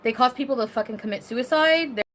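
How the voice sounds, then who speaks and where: A woman's voice: a little high, fast, fairly bright tone, a little hiss or hum. A woman ranting in a casual vlog clip, defiant and mocking, with a lot of swearing.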